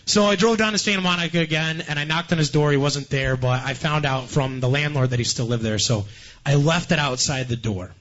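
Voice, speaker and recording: A man telling a story in a casual chat, animated and laughing often. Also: on the high side, fairly quick, lo-fi sound.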